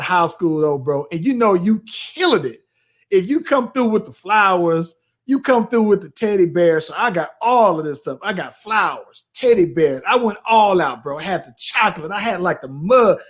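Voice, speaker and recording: A man in his late thirties, co-hosting a podcast and telling a story in an animated, slangy way, often tossing in "bro" and "right?". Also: high voice. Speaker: podcast co-host. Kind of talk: casual storytelling chat.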